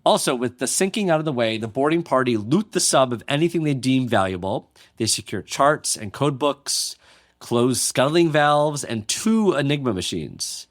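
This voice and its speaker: A man's voice: mid-range voice, expressive, normal speed, dry recording, clean studio sound. A man hosting a podcast, telling a history story in a casual, jokey way and reading quotes aloud. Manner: jokey, reads quotes aloud with playful asides. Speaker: podcast host.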